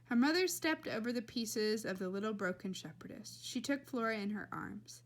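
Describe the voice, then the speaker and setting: A woman reading a children's novel aloud in a lively, expressive way. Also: on the high side, normal speed. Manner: lively and expressive, laughs between passages. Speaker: reader.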